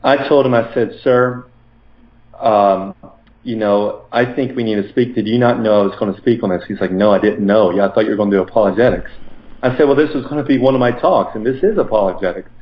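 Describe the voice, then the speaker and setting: A man's voice: fairly low pitch, fairly quick. A man as a podcast guest, earnestly retelling his experiences in a conversational interview, with frequent fillers. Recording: roomy, slightly dull recording.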